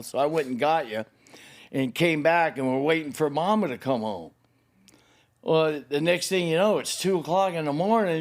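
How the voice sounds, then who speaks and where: Older man telling a rambling, profane story. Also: on the high side. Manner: rambling, profane, emotional, acts out the people in his story. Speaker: guest, the host's father. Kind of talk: personal storytelling in conversation.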